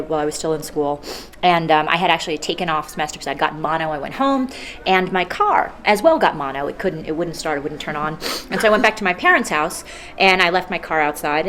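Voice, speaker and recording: A woman chatting at a convention, telling a long rambling story with lively asides and quick impressions of other people. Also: lowish voice, slight background noise. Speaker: convention guest. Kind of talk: casual interview chat. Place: busy convention hall.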